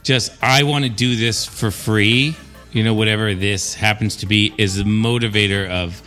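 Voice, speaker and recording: A man's voice: on the low side, fairly even intonation, moderate pace, sharp tone, soft background music. A man hosting a casual interview, adding short affirmations and reflective asides. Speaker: host.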